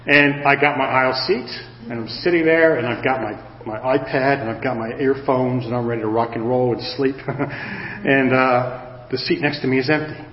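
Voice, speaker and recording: A man in his sixties preaching a sermon, telling a personal story in an animated, self-mocking way. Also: mid-range voice, normal speed. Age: 60s. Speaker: pastor. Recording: roomy hall, dull lo-fi sound.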